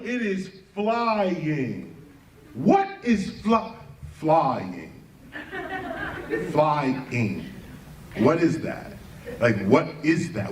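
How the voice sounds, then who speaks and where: In a passionate live-streamed talk, a man with a fairly high voice throws out rhetorical questions, spells out words letter by letter, and often laughs in the middle of sentences, staying animated throughout. He's recorded from a distance, set back from the mic in an echoey room with a noisy background.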